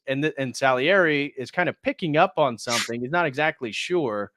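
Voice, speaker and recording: A man's voice: medium pitch, expressive, a little fast, pushed and bright. A man hosting a casual movie review on a live stream, retelling scenes and now and then acting out the characters' lines. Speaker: host.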